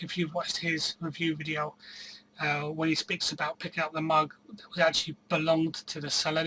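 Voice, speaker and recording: A man with a bright, forceful voice tells stories about his reselling year, chatty and full of small restarts. His pitch sits a little high for a man, and there is a faint background hum. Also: poor audio. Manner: chatty, hesitant, many ums and restarts. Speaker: reseller vlogger. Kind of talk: casual solo vlog storytelling.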